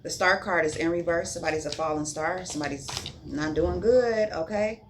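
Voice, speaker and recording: A woman's voice: fairly low pitch, brisk, noisy background. A woman giving a casual tarot reading, blunt and profane, drifting into sing-song asides between card readings. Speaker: tarot reader.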